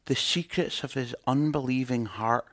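A man's voice: medium pitch, moderate pace, a bit bright, no room sound, studio quality. A man preaching in a conversational teaching style, chatting and putting questions to his audience.

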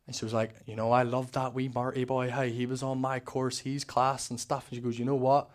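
Young Northern Irish man, church testimony, candid storyteller, steady monotone delivery. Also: mid-range voice, fairly quick. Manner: candid storytelling, acting out quoted dialogue. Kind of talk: personal testimony.

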